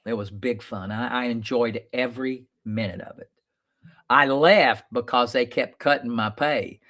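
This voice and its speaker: Speaking unhurriedly with fairly even intonation, this man has a medium-pitched, slightly bright voice. He's a lawyer with his own show, addressing viewers casually and bluntly, cursing without restraint as he tells stories and replays his own past lines.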